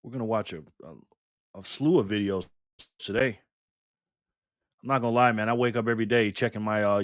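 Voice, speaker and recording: A man's voice: medium pitch, fairly bright tone, dry recording, clean studio sound. A man hosting a casual live stream, cheerfully greeting viewers by name and chatting as he spins a prize wheel.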